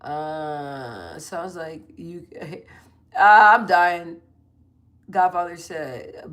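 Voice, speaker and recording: A woman in her thirties talks casually into her phone on a livestream, loose and slangy, tossing quick asides to her viewers. Her voice sits a little on the low side. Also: fairly bright tone. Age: 30s. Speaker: livestream host. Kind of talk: casual livestream chat reading comments.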